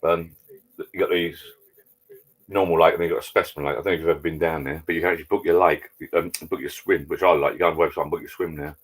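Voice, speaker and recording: A man's voice: a bass voice, fairly even intonation, quick pace. A man hosting a casual live stream from his garden bar, chatting with viewers, reading their messages and trading cheeky jokes.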